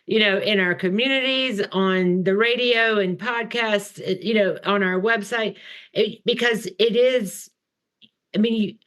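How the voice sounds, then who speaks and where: A woman appearing as a guest from an extremism research group, speaking in an earnest, measured way. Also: mid-range voice, fairly bright tone. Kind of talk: casual conversational interview.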